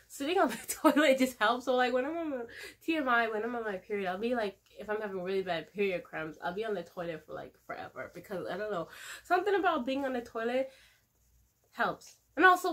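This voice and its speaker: A young woman, telling a personal story in a casual vlog, candid and animated, often laughing and acting out her own pleas. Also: fairly high pitch. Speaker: vlogger.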